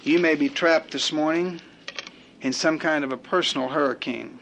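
A man's voice: fairly high pitch, normal speed, fairly bright tone, a little hiss or hum. A man preaching a sermon, building his points through rhythmic repetition and acting out quoted prayers and complaints.

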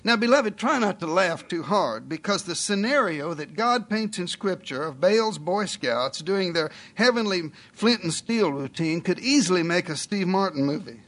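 A man's voice: high voice, lively intonation, moderate pace, hardly any pauses, a bit bright. A male preacher giving a sermon in a folksy, joking storytelling manner.

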